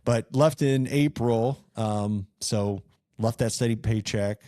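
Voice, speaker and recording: A middle-aged man from rural northeast Missouri speaks in a fairly low voice, telling his founding story in earnest, rambling fashion with many fillers and restarts. The sound is dry and close, with little room to it. He talks casually, as a guest on a podcast. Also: takes it slowly, dark tone, no echo.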